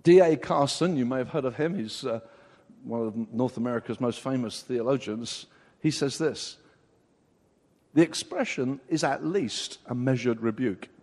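A man's voice: mid-range voice, normal speed, darkish tone. A man preaching a sermon as pastor, explaining a Bible passage with rhetorical questions and an expository manner. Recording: long hall reverb.

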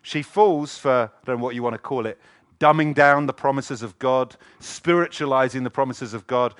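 A middle-aged man preaches in a church with animated energy, jumping into quoted voices as he goes. His voice sits at an ordinary male pitch and is recorded close and dry, with little room sound. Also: normal speed, no room sound. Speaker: pastor. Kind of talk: sermon.

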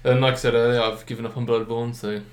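A young man chatting casually about games, rambling with lots of fillers and clear enthusiasm. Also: medium pitch, flat delivery, quick pace. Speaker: gaming podcast co-host. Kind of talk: casual chat. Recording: echoey room.

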